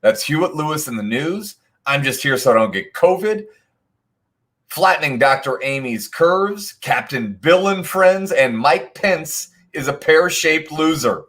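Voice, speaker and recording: A man's voice: fairly high pitch, animated, unhurried, fairly bright tone. A man hosting an online trivia night, reading answers and scores and teasing players in the chat with sarcastic banter. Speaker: trivia host.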